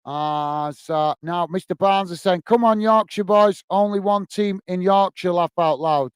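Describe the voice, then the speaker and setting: A man's voice: high-pitched, a little slow, smooth, no room sound. A man hosting a football live stream, chatting casually and reading out viewer comments, often calling people mate. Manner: casual, says "mate" often, many fillers and restarts. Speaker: football channel host.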